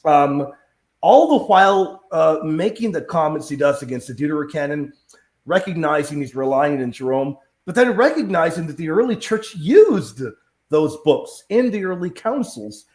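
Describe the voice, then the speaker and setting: A man's voice: on the high side, big pitch swings, moderate pace, a little mellow. A man hosting a casual discussion, thinking aloud and asking his guests questions. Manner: thoughtful, questioning. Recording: echoey room.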